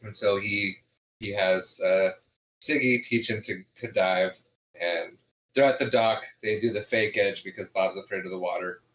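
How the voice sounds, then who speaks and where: A man's voice: fairly low pitch, normal speed, a bit bright, muffled recording. A man co-hosting a podcast, casually recapping a comedy film's plot and chuckling often. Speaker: podcast co-host. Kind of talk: casual movie review chat.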